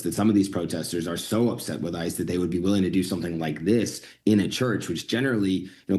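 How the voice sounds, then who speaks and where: A man reporting the news in a measured way, often pausing on fillers. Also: sits low, a little mellow.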